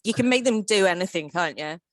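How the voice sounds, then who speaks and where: A woman's voice: medium pitch, lively intonation, brisk, no room sound. A woman chatting on a casual podcast, giggly and self-deprecating. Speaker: podcast guest.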